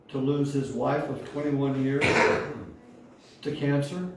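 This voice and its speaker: A man's voice: mid-range voice, steady tone, slow pace, creaky, pauses often. A man in his sixties, a pastor, giving an emotional testimony sermon with fervent call-and-response. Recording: echoey hall from far off, faint noise.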